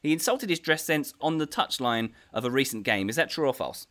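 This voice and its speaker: A man's voice: mid-range voice, lively intonation, a little fast, fairly bright tone. A man hosting a casual podcast, running a quiz segment with a wry, joking manner.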